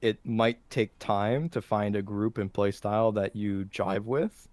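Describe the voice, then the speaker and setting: A young man, the host's brother, calmly and reassuringly giving advice in a casual chat. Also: on the low side, dry recording. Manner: calm, reassuring, measured advice.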